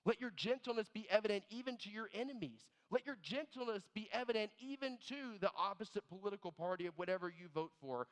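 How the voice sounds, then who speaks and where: A man preaching a sermon as pastor, animated and storytelling, dropping low and quiet on key words. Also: fast, few pauses. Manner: animated storyteller, acts out both sides of little scenes. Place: church sanctuary. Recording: long reverb of a church hall.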